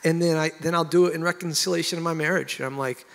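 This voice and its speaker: A man, a pastor, sharing his testimony in an animated, emotional way and getting loud at the high points. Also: fast talker, gravelly, in a large hall. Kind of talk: candid conversational testimony.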